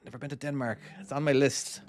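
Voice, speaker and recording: A man's voice: mid-range voice, level tone, fast. A man, casually chatting on a live stream while playing his own trucking game and reading out viewer comments. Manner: chatty, easily distracted, reads comments aloud.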